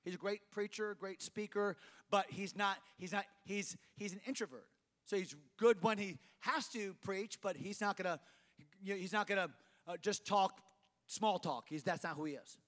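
A middle-aged man preaches an emphatic sermon, swinging from loud to quiet and repeating phrases for effect. His voice is high, his pace moderate, and the sound suggests a big room.

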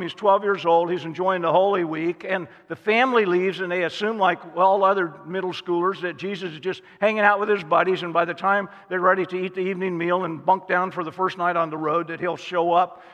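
A pastor with a high-pitched, fairly bright voice preaches a sermon in a big-room setting. He tells stories and acts out the voices of the people he quotes.

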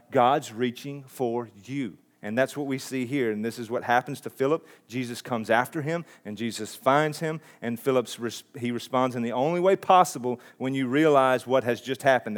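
A man preaching a sermon in an earnest, conversational way, often restarting his phrases. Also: medium pitch. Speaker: pastor.

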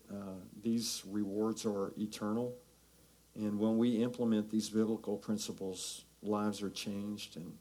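A man with a low, even voice gives an earnest announcement to a congregation. His tone stays level as he thanks them with gratitude. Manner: earnest, grateful. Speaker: church leader making announcements. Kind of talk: church announcement.

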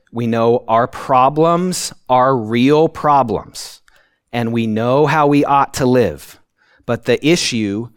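Male pastor, mid-pitched voice, relaxed sermon delivery, dry close sound, punctuates points with "right?". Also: smooth, dry recording. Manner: conversational preaching, tags points with "right?"; acts out quotes with sudden high-pitched outbursts.

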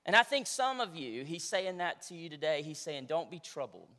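A man preaching a sermon, energetic and leading the congregation in call-and-response. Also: a little high, moderate pace. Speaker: pastor.

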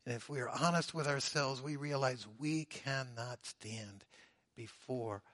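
A man preaching a sermon, swinging between loud, drawn-out emphasis and hushed, low phrases. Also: no room sound. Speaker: pastor.

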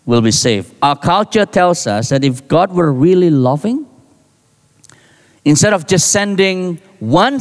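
Slow, measured preacher in an echoing hall. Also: male voice, a little high. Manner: deliberate preaching with rising emphasis on key words. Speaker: pastor. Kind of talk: sermon. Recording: long reverb of a large hall.

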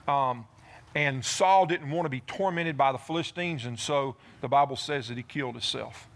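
A man preaching a sermon to a church congregation, retelling a Bible story and speaking David's words in first person with animated delivery. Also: mid-range voice, moderate pace. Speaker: pastor.

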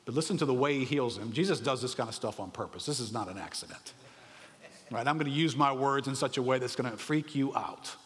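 A man preaching a sermon in an animated, conversational way, often asking the audience rhetorical questions. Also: medium pitch, a little fast, big-room sound. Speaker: pastor.

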